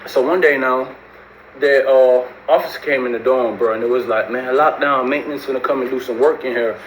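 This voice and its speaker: A man's voice: medium pitch, a little fast. A man spins a long story in loose, slangy speech. He keeps slipping into the voices of the people he quotes. The recording has a roomy echo and a faint hiss of background noise. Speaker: storyteller recounting prison life. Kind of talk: casual storytelling.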